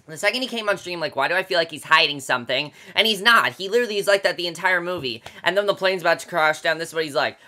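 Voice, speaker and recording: A man's voice: high-pitched, animated, fast, hardly any pauses, pushed and bright. A man giving a ranting movie review to camera, blunt and exasperated, with many fillers and restarts.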